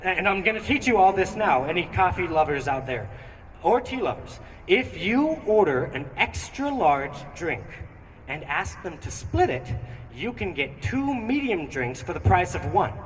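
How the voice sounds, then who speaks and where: A young man performing a stand-up comedy routine with animated, theatrical storytelling on a theatre stage. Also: high voice, a little slow. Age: young adult. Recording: echoey hall, distant mic, noisy.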